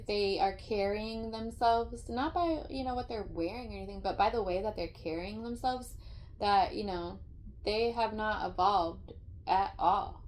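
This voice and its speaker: A woman giving a casual tarot reading, rambling and emphatic, full of fillers and swearing. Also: mid-range voice. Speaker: tarot reader.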